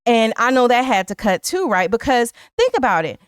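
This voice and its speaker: A woman's voice: a little high, big pitch swings, normal speed, smooth, no room sound, clean studio sound. A woman co-hosting a podcast, chatting casually about a film and retelling its scenes. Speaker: podcast co-host.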